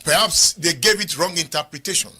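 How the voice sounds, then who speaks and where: A man's voice: on the high side, brisk, sharp tone, a little hiss or hum. A man as interviewer, pressing his guest with challenging questions and reading passages aloud from a book.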